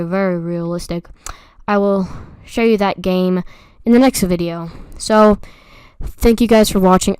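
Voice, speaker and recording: A young woman giving chatty, excitable gameplay commentary as a YouTuber, repeating words when flustered. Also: medium pitch, clean tone, no room sound, studio quality. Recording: faint music behind.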